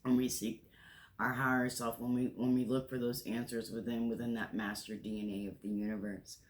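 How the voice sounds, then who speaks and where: A man's voice: medium pitch, little pitch movement, fairly quick. A man in his sixties giving a spiritual tarot reading, earnest and emotional, often repeating and restarting phrases. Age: 60s. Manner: emotional, tearful at times, earnest and encouraging. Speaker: tarot reader. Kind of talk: spiritual card reading monologue.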